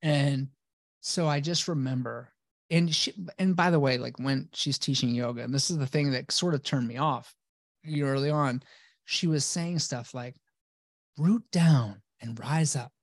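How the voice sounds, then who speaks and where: A man's voice: medium pitch, moderate pace, dry recording, clean studio sound. A man telling his own story casually as a guest, blunt and profane, acting out his old replies.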